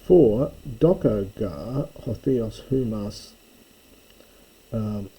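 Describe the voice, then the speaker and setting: A man with a dark, husky voice reads and explains Greek words in a slow, careful lesson. He pauses often, uses fillers and corrects himself mid-sentence. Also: fairly low pitch, animated, poor audio. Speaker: Greek New Testament teacher.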